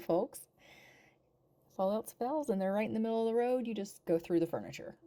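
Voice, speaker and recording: A woman's voice: medium pitch, lively intonation, fairly quick, mellow. A woman giving a casual voice-over of a life-simulation game, chatting and cooing at her characters as she plays. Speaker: gaming channel host. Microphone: home voice-over mic.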